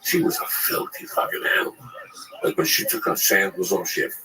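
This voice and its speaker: A male comedian telling crude, animated stories in casual chat, acting out the people in them. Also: sits low, brisk, a crowd in the background, rough recording.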